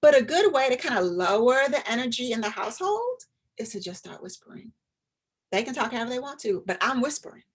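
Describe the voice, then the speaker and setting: A woman psychologist giving an informal, chatty talk to parents, animated and now and then dropping into a soft whisper to show a point. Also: a little high, fast, slightly rough. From US, Atlanta area. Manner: chatty and animated, often drops to a demonstrative whisper.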